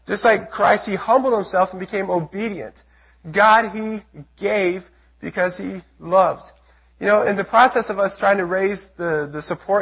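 A man from the United States giving an earnest testimony sermon to a church as a missionary speaker, telling his story with a husky voice. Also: high-pitched, a bit bright. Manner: earnest storytelling, acts out his own prayers and quotes.

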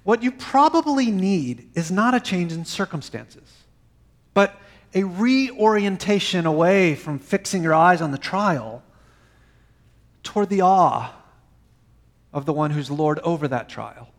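A man preaching a sermon, swinging from emphatic lines to soft, quiet phrases. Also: high voice, lively intonation, a little slow. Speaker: pastor.

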